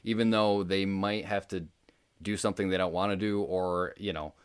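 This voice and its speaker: A man co-hosting a podcast, talking through a film in a relaxed, rambling way with plenty of fillers. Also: sits low, normal speed, clear, resonant tone. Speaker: podcast co-host. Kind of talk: casual movie discussion.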